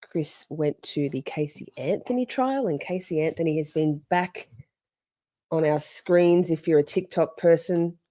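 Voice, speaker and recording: A woman with a low, dark voice hosts a casual live-stream podcast from home, speaking at a measured pace with no echo. She chats easily, greets viewers by name, and stops now and then to scold her dogs.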